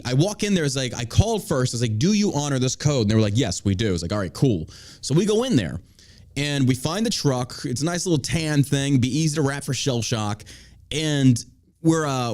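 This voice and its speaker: A man with a mid-range voice and a darkish tone hosts a casual talk show, ranting energetically and mocking people with put-on voices. He's a podcast host in casual, profane chat.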